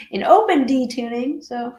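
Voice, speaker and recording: A woman musician chatting casually between songs on a livestream, halting and full of fillers and restarts. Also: medium pitch. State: tearful. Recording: roomy sound with faint guitar.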